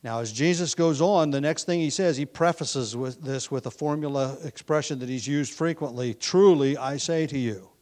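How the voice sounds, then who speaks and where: A man's voice: normal speed, hardly any pauses, darkish tone. A man preaching an expository sermon, reading scripture with rising emphasis and adding conversational asides. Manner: emphatic, rises in pitch and volume when reading scripture; conversational asides with restarts and light laughs.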